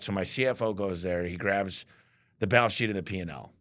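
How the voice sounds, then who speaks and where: Man, low-pitched, casual storytelling, animated quoting. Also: brisk. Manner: animated, quotes others in acted voices. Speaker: business owner guest.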